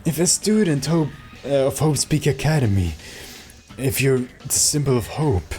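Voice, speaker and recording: Creepy, soft-spoken young man fixated on hope read by a streamer, calm and polite. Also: mid-range voice, a little slow, faint music behind, close to an everyday voice. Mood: eerie calm. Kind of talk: reading game dialogue aloud.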